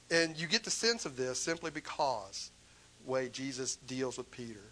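A man's voice: medium pitch, moderate pace, bright, forceful tone, slight background noise, poor audio. A man preaching a sermon in an impassioned, emphatic way, pressing his points with rhetorical questions.

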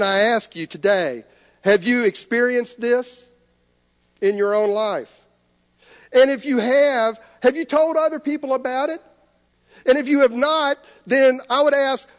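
High-voiced man preaching in a reverberant sanctuary. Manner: earnest, shifts between soft pleading and lifted emphasis. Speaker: pastor. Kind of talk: sermon. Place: church sanctuary.

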